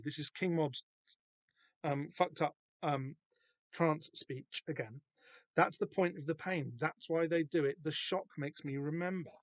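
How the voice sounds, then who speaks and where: A man's voice: a little high, no echo, highs cut off. A man hosting a podcast, giving casual, rambling and wry comic book commentary that keeps interrupting itself. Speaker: podcast host.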